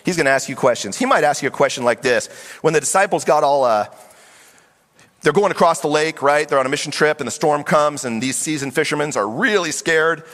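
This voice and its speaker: A middle-aged man preaching a sermon as pastor, animated and acting out voices of Bible figures. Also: on the high side, brisk. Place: church sanctuary. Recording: long hall reverb.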